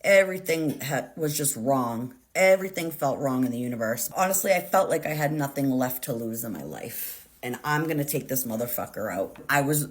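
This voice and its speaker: Low-pitched female storyteller, intense and foul-mouthed, dramatic storytime delivery. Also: animated, moderate pace, few pauses. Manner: intense, profane, dramatic retelling. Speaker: storyteller vlogger. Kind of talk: emotional storytime vlog.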